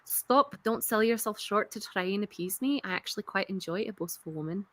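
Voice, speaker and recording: A flirtatious male love interest with a put-on Scottish accent, as a woman reads him out. He talks low and quietly, teasing and relaxed. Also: a little fast, no echo, close to an everyday voice. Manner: read aloud as a quote.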